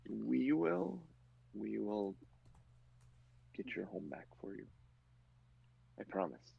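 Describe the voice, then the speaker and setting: A man's voice: lowish voice, big pitch swings, slow, gravelly, slightly rough, narrow, tinny audio, full character voice. A man doing a soothing protective woman adventurer. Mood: comforting. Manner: soothing, repetitive reassurance.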